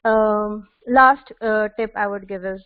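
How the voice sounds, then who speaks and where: A woman's voice: medium pitch, fairly even intonation, slow pace, no echo. A woman giving tips in an online webinar, hesitant with many fillers and restarts. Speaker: webinar presenter. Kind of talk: instructional webinar talk. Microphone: video call. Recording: tinny phone-like call audio.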